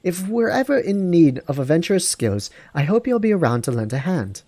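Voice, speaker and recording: A man reading a game's female merchant character in a high, somewhat British-sounding voice. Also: big pitch swings, fairly quick, mellow, no echo, full character voice. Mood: friendly. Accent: put-on British. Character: chatty woman merchant, high and sing-song.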